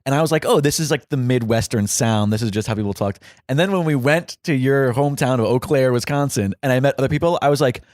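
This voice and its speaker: A man from New York hosting a podcast, animated and fast-talking, chatting casually and laughing often. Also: mid-range voice, no echo. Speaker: podcast host.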